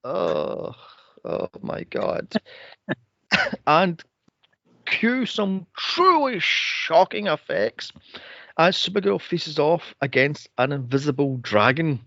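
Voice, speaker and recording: A man with a gravelly, lively voice recaps a film in an exasperated, swearing rant. His pitch swings widely, and the dull, lo-fi sound sits in a dry room. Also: takes it slowly, no echo. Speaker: podcast co-host. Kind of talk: casual chat recapping a film. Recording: dull lo-fi podcast mic.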